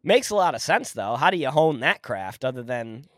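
Young male co-host, voice rough from being sick, animated and jokey, close dry mic. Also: medium pitch, normal speed, dry recording. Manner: laughing, joking, expressive. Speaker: podcast co-host. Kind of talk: casual chat.

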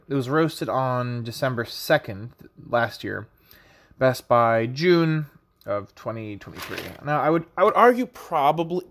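A man's voice: medium pitch, a bit bright, a little hiss or hum. A man working as a barista, talking in a casual, rambling and digressive monologue.

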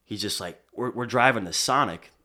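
A young man from Pennsylvania, a DJ guest on a podcast, telling stories in relaxed casual chat, full of fillers. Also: lowish voice, moderate pace. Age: young adult. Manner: relaxed storyteller, many fillers like "like". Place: podcast studio.

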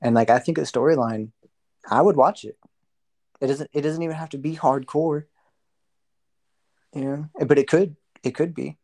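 A man's voice: on the high side, moderate pace, long pauses, darkish tone. A young man co-hosting a podcast, talking frankly in casual chat, rambling and laughing easily. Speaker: podcast co-host.

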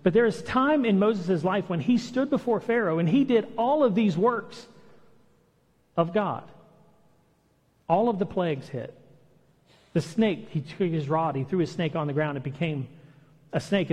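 A man's voice: high-pitched, a little mellow, husky, long reverb tail. A man preaching a sermon in a conversational way, acting out the lines he quotes. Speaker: pastor. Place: church hall.

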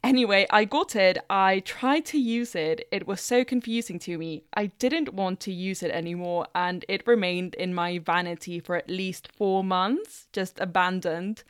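A woman's voice: medium pitch, clear, resonant tone, no room sound, clean studio sound. A woman vlogger giving blunt, opinionated commentary.

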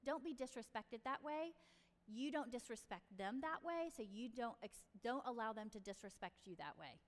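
A woman's voice: on the high side, lively intonation, moderate pace, in a large hall. Chatty woman giving parenting advice. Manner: chatty, direct, acts out parent and child lines. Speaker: parenting podcast host. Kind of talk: casual advice talk.

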